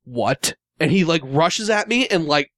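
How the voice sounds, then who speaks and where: A man's voice: fairly high pitch, moderate pace, dry recording, studio quality. A man co-hosting a casual chat, telling stories with lots of laughs and acted-out quotes. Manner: animated, laughs often, acts out quotes.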